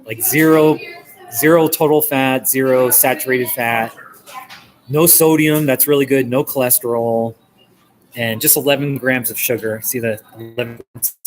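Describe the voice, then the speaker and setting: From a coffee shop, a man with a New Jersey accent chats casually on a live stream, joking and answering viewers. His voice is medium-pitched and fairly even at normal speed, on a low-quality recording with a little hiss or hum.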